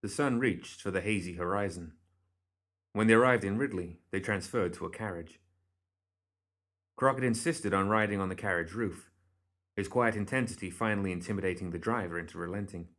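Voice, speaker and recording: A man reading a story aloud as the narrator, in measured, scripted narration. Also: sits low, a bit bright. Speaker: reader.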